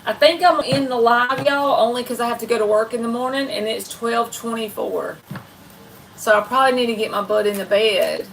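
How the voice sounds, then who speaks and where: Fairly high-pitched, creaky and fairly bright, this woman talks at a normal pace as she hosts a relaxed late-night tarot livestream with a Southern accent from the American South. She chats folksily with her viewers over a distant mic, and the rough recording carries slight background noise.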